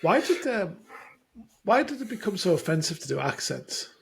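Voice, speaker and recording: A man's voice: sits high, very animated, normal speed, vocal fry. A man co-hosting a podcast in casual chat, teasing with dry jokes. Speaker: podcast co-host.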